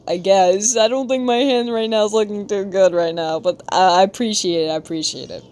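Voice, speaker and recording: Giggly young woman streamer, squealing. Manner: giggly, reads chat aloud, bursts into high squeals. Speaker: livestreamer. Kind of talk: casual chat while drawing on stream.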